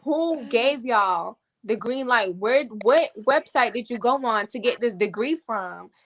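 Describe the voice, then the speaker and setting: A woman's voice: a little high, animated, measured pace, a bit bright, a little hiss or hum. A woman as a podcast guest in casual group chat, bluntly challenging the host, with lots of "like".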